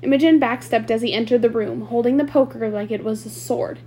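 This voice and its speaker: A woman's voice: fairly high pitch, brisk, dark tone, slight background noise. A woman reading a novel aloud chapter by chapter, with small slips and restarts. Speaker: audiobook reader.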